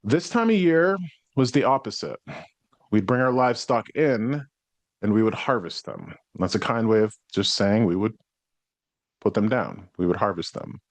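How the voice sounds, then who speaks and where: An American man hosting a solo podcast as a psychic medium, talking in a reflective, explanatory way and clearing his throat now and then. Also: fairly low pitch, animated, moderate pace, no room sound. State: worn out after burnout.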